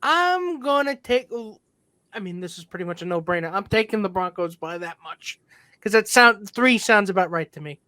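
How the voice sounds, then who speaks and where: A man's voice: high-pitched, animated, moderate pace, sharp tone, dry recording, studio quality. A man appearing as a podcast guest, making football picks in a joking, casual way. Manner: joking, swears freely. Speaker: guest from another show. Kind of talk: casual sports betting talk.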